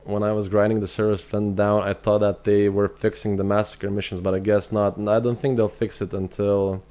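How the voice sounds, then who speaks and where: Irish male streamer, lowish voice, rambling and friendly with chat. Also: level tone, fairly quick, warm tone. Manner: chatty, thinks aloud with fillers and restarts; reads chat messages aloud and answers viewers. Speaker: game streamer. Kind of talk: casual live-stream chat.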